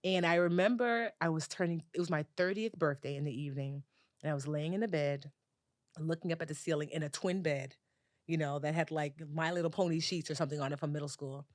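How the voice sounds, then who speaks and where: A woman in her forties telling a personal story as a guest in an interview, animated and acting out other people's voices. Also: low-pitched, a little fast, no room sound, clean studio sound. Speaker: guest, personal finance educator.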